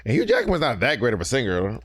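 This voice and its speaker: A man co-hosting a podcast in casual chat, quick and chatty, often correcting himself mid-sentence. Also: mid-range voice, huge pitch swings, fairly bright tone, slightly rough, no room sound, studio quality. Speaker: podcast co-host.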